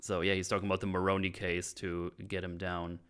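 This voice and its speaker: Low, smooth-voiced man recapping casually. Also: monotone, fairly quick, fairly bright tone. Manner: rambling recap full of fillers and restarts. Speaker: podcast co-host recapping a film. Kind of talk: casual chat.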